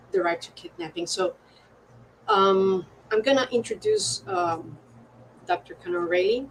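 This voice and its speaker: A woman's voice: mid-range voice, vocal fry, slight background noise, rough recording. A woman moderating an academic lecture introduces the guest speaker hesitantly, with many fillers and tag questions.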